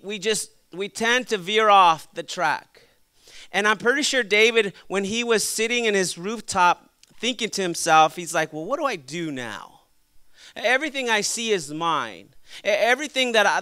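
Lively high-voiced male pastor. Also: clear, resonant tone, no room sound. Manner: lively, acts out quoted voices. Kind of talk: youth sermon.

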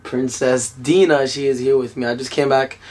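A man in his twenties talking casually to his vlog viewers from home, energetic and playful with lots of fillers. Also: medium pitch, normal speed. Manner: energetic, playful, talks in bursts with many fillers. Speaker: vlogger. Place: family home indoors.

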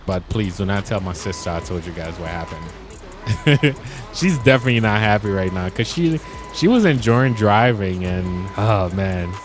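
A young man telling stories in a casual, slangy way while commenting on his gameplay, getting excited as he talks. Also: fairly low pitch, normal speed, music in the background. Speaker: gaming YouTuber.

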